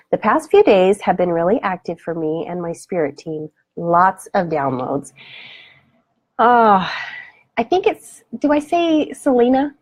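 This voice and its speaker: A woman's voice: on the low side, no room sound. A woman spiritual coach hosting a live stream, chatting with viewers and answering their comments in an effusive, affectionate way. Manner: effusive and affectionate, blows kisses.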